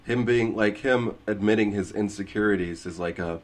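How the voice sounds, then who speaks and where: A young man with a low-pitched voice co-hosts a relaxed podcast. He talks earnestly, stopping and restarting as he works his thoughts out. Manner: earnest, halting, many restarts. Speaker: podcast co-host. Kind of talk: casual chat.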